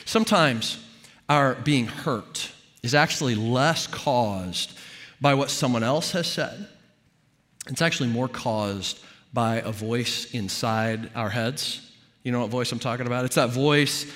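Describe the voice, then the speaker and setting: A man preaching a sermon as a pastor, talking to his listeners in an animated, emphatic, conversational way. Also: medium pitch, normal speed, big-room sound.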